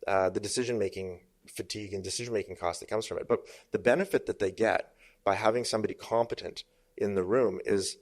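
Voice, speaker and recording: A man's voice: fairly low pitch, fast. A middle-aged man from Canada, a business coach talking emphatically as a guest in a podcast studio interview. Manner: emphatic, uses sparring metaphors, asks "make sense?".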